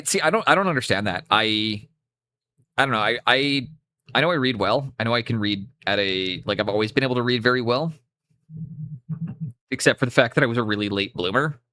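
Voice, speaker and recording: A man's voice: medium pitch, brisk, sharp tone. A young man with a Canadian accent chatting casually on a live stream, rambling and cutting himself off, on a cheap USB mic. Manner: rambling, self-interrupting, casual swearing. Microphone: cheap USB microphone.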